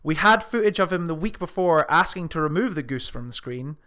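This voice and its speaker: A man's voice: on the high side, lively intonation, brisk, pushed and bright. A man co-hosting a casual film podcast, swearing freely and reading comments aloud with amused relish. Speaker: podcast co-host. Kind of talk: casual film review chat.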